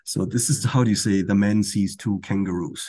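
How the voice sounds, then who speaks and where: Low, dark-voiced man explaining patiently. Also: steady tone. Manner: patient, explains slowly with many restarts and soft laughs. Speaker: guest language enthusiast. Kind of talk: explanatory interview.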